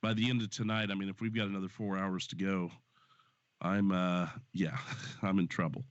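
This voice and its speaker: Male stream host, low-pitched, stuffy and hoarse, profane and loose, dull dry lo-fi audio. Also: little pitch movement, normal speed, no echo. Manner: loose and profane, reading donations aloud. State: stuffy, strained sore voice. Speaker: host of a live stream show. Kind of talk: casual live-stream chat and game commentary.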